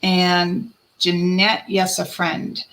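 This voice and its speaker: A woman hosting a live-stream card reading as a psychic medium, addressing viewers by name in a gentle, reassuring way. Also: lowish voice, completely flat delivery, drawn-out words, low-quality recording.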